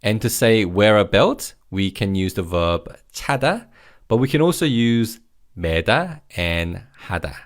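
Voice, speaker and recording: A man teaching vocabulary in a recorded language lesson, encouraging and repeating each word slowly for learners to follow. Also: lowish voice, very animated.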